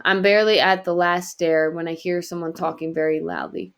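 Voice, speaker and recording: A woman reading a novel aloud in quiet, earnest first-person narration. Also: fairly low pitch, fairly even intonation, fairly quick. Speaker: audiobook reader.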